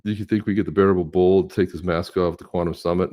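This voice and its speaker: A middle-aged man co-hosting a casual livestream chat, telling stories with lively impressions of other people. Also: sits low, fast. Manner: animated storyteller, mimics others with a raised voice. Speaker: co-host of a crypto livestream.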